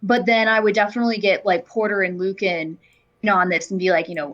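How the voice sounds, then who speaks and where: A woman's voice: medium pitch, fairly even intonation, quick pace, fairly bright tone. A woman playing a tabletop game, chatty and hesitant with many fillers. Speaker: player. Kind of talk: casual tabletop play. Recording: dull lo-fi audio.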